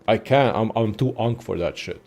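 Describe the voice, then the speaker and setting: A young man casually ranting about games in a profane, excitable, rambling way as a content creator. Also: fairly low pitch, normal speed, soft background music. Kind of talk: casual gaming rant.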